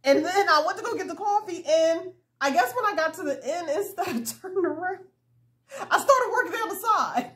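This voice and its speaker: Giggly chatty woman with lively pitch. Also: moderate pace. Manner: giggly, chatty, animated storytelling. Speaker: crochet video host. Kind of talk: casual chat while crocheting. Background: soft lo-fi hip-hop music.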